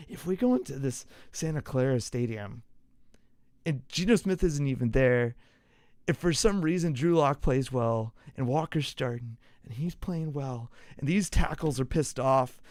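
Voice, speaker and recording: A young man hosting a sports show, talking in an excitable, profane, pumped-up way. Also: on the high side, smooth, no echo, clean studio sound. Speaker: sports podcast host. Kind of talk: casual hyped-up sports talk.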